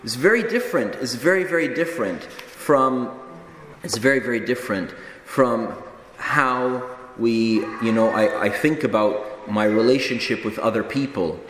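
A man's voice: medium pitch, moderate pace, fairly bright tone, a little hiss or hum. A man in his thirties, a married priest, preaching a sermon in a conversational way with casual asides and restarts. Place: church. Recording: echoey church hall, faint ambience.

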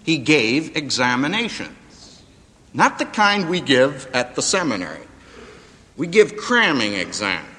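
A man preaching a sermon to a live audience, with dramatic emphasis that rises to near-shouts on quotes. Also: mid-range voice. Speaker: preacher and seminary professor. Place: auditorium before a live audience. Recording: hall reverb, radio broadcast.

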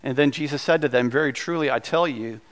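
A man preaching a sermon as pastor, mixing playful jokes with earnest teaching, with frequent asides and quick restarts. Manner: humorous, animated preaching with jokes about bread; quick asides and restarts, voice jumping higher when excited.

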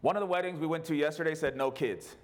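High-voiced emphatic male pastor. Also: fairly even intonation, racing. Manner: emphatic and repetitive. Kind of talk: sermon.

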